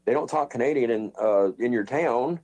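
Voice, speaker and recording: A man's voice: mid-range voice, normal speed, darkish tone. A man streaming a heated online argument, taunting and insulting the other speaker in a mocking tone.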